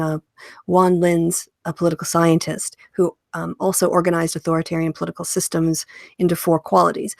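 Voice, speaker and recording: A woman's voice: lowish voice, creaky, no echo, studio quality. A woman hosting a casual interview chat, thinking aloud and reading definitions before explaining them. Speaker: podcast host.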